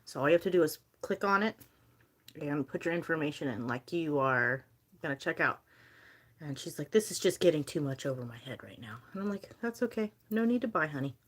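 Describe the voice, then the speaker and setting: A young woman chatting casually on a live stream while she packs bracelet orders. She talks in a chatty, animated way and fills her stories with "like" and quoted dialogue. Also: deep voice, a little fast. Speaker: livestreamer selling handmade bracelets.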